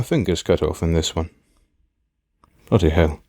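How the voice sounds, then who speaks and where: A man voice actor joking around between takes, deadpan and muttering to himself as he gets into character. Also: sits low, unhurried, long pauses, a little hiss or hum. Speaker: voice actor in a fan audio drama. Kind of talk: joking outtakes while getting into character.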